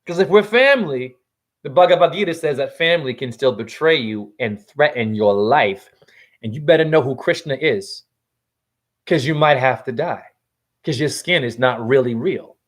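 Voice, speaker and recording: Animated man ranting on a livestream. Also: medium pitch, normal speed. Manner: profane, rambling, heated. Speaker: self-styled spiritual teacher. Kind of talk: livestream rant.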